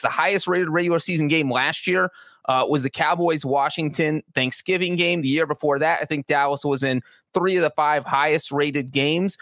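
Man, slightly higher voice, chatty sports analysis, dry studio sound. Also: fairly bright tone, dry recording. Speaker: football writer and podcast regular. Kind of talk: casual podcast sports talk.

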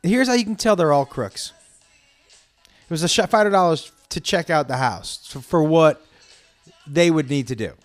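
A man's voice: fairly high pitch, lively intonation, normal speed, pauses often, faint music behind. A man telling a long, angry story in a casual, profane way, acting out the people he quotes.

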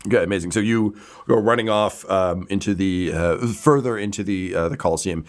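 A man's voice: low-pitched, fairly quick. A man running a tabletop game as game master, narrating with many hesitations and fillers.

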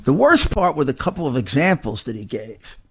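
A man co-hosting a political talk show, talking in quick, rambling runs full of restarts and asides. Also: medium pitch, very animated, slightly rough. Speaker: co-host.

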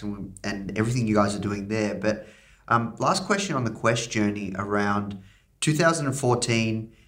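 Upbeat male podcast host. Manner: upbeat, energetic pitch. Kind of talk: interview and promo read.

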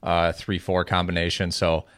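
Low-voiced man talking fantasy basketball. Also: level tone, a bit bright, clean tone, no echo, clean studio sound. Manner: measured, hesitant with many fillers. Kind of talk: casual podcast discussion.

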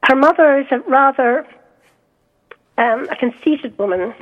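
A woman with a Scottish accent, an author being interviewed about her book, talking hesitantly with many pauses and restarts. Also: high voice. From Scotland. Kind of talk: interview over the phone. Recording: tinny phone line.

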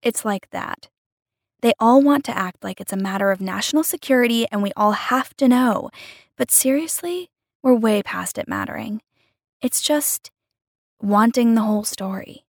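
A woman tells a first-person story in a casual, wry, conversational way. Her voice has a gravelly fry to it at a middle pitch. The recording is close and dry. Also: no echo. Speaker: narrator.

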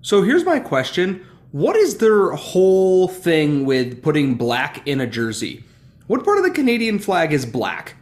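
A man with a fairly high voice that swings widely in pitch. He rants in a loose, joking way, exasperated and animated, like a co-host venting on a sports podcast. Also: a little slow. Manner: animated, ranting, exasperated humor. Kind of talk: casual sports chat.

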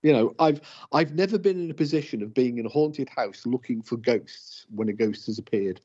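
Co-host, male, hesitant and chatty, husky mellow tone, dull lo-fi radio sound. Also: mid-range voice, normal speed. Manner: hesitant, many fillers and restarts. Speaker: paranormal investigator, co-host. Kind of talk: casual radio talk.

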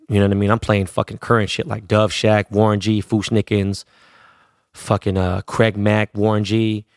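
A man's voice: on the low side, no echo, clean studio sound. A middle-aged man from Los Angeles, a DJ and producer casually telling a story full of cursing and street slang, acting out the voices of the people in it. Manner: profane, streetwise slang, quotes others in quick voices.

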